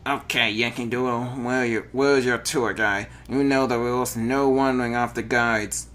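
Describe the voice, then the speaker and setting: A man's voice: mid-range voice, steady tone, moderate pace, a bit bright, lightly acted. A man playing a stern, teasing armed guard.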